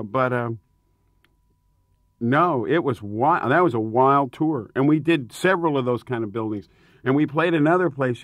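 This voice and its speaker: In a casual interview, a touring rock singer trades stories from the road, animated and emphatic and laughing often. His voice sits in the mid range, with no echo.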